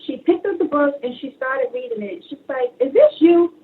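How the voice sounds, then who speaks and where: A woman's voice: high voice, a little fast, gravelly. A woman guest author telling stories in a casual interview, acting out the voices of the people she talks about. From Brooklyn, New York. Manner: animated storyteller acting out quoted dialogue, laughing and tearful at times. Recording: tinny phone line.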